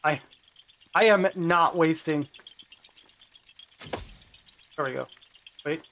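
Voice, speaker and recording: A man's voice: a little high, slow, pushed and bright, a little hiss or hum. A man chatting casually while streaming a video game, rambling and correcting himself as he plays. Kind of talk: casual live-stream commentary.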